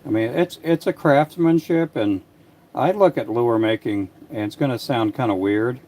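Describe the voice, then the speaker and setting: An older man making fishing lures in his workshop, chatting casually to a livestream audience in a soft, rambling way with frequent restarts. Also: medium pitch, moderate pace. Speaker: lure maker livestreaming. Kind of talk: casual livestream chat while working.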